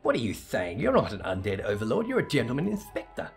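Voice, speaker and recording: A man's voice: mid-range voice, wildly swooping pitch, fast talker, vocal fry, soft background music. A man voicing a bubbly, trigger-happy young female assistant in a perky, eager, raised voice for a fantasy game read-through.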